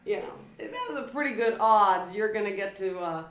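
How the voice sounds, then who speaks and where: A woman chatting casually as a co-host, talkative and quick to laugh. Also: mid-range voice, lively intonation. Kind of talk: casual chat. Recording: echoey room with faint ambience.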